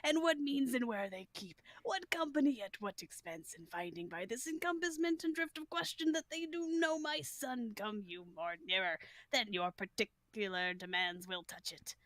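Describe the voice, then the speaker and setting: A woman's voice: fairly high pitch, moderate pace, few pauses, fairly bright tone, dry recording, lightly acted. A woman voicing a long-winded old male courtier in an unrehearsed comic play reading, rambling and stumbling over the lines. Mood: pompous.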